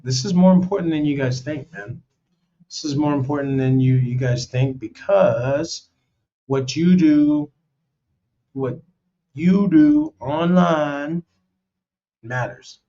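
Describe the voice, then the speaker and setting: An American man hosts a casual advice monologue, speaking slowly with long pauses in a slightly high, dark voice. He's slangy and blunt, says "man" and "you know" a lot, and acts out quoted voices. The recording sounds dull and lo-fi.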